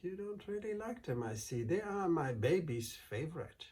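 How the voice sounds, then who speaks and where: A man voicing a crafty giant's wife in a high, sing-song falsetto, coaxing and falsely polite. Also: sing-song, moderate pace, darkish tone. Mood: sweetly coaxing.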